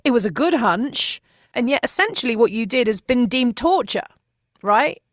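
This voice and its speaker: A woman interviewer asking probing, measured questions. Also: a little high, animated, fairly bright tone, no room sound, clean studio sound.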